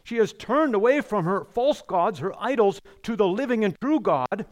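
A man with a high-pitched voice preaching a sermon. He leans hard on key words and repeats them for weight. Then he lets phrase endings fall low and soft. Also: expressive, moderate pace.

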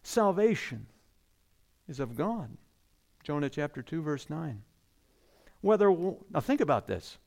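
A man preaching a sermon, stressing and repeating key phrases and letting his voice sink low and quiet at the ends of lines. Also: sing-song, slow, gravelly, long pauses.

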